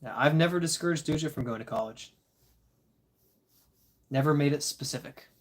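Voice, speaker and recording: A man's voice: a little high, moderate pace. A tired man casually chatting with his live-stream audience, chuckling and rambling as he reads the chat. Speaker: disc golf livestreamer reading chat.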